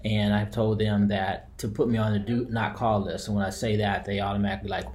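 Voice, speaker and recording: A man's voice: lowish voice, level tone, fairly quick, few pauses, a little mellow. A man telling a personal story as a heated, profane rant, repeating himself as he goes. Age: adult with a daughter.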